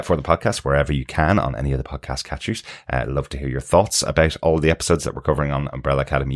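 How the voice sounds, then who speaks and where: A man hosting a TV podcast, chatting casually and reading through plugs and credits with lots of fillers. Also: a bass voice. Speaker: podcast host. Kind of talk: casual podcast chat and show intro.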